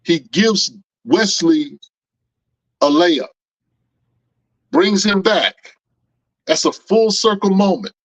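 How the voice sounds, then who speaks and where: A man's voice: high voice, expressive, takes it slowly, pauses often, no room sound. A man co-hosting a comics podcast in casual chat, who often repeats phrases as he builds a point. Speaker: podcast co-host. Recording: dull lo-fi mic.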